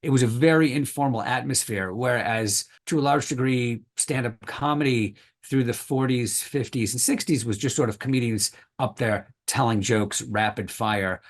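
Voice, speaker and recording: A man's voice: mid-range voice, moderate pace, hardly any pauses. A male historian being interviewed on a podcast, explaining thoughtfully with many hedges and fillers. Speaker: historian guest.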